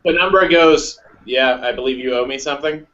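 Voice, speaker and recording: A man's voice: mid-range voice, a little fast, bright, forceful tone. A man taking part as a player in a tabletop game, making dry jokes. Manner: dry, joking. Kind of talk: casual tabletop play. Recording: muffled, from off mic.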